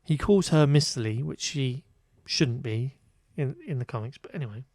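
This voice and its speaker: A man talks through a film's scenes in casual podcast chat, wry and exasperated, and he stumbles over fillers as he goes. His voice sits at a middle pitch and is recorded close and dry, with no room sound. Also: moderate pace, darkish tone, no room sound. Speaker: podcast co-host. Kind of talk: casual chat reviewing a film.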